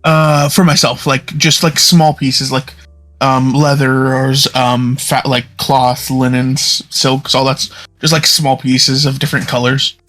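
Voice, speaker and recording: A man's voice: medium pitch, little pitch movement, unhurried, a bit bright, faint music behind. Hesitant man describing his character. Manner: hesitant, searching for words. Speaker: player. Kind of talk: casual chat at the game table.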